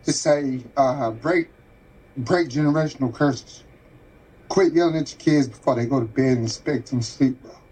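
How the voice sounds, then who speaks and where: A man earnestly reading a note aloud, halting and close to tears. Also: a little high, dark tone, husky, rough recording.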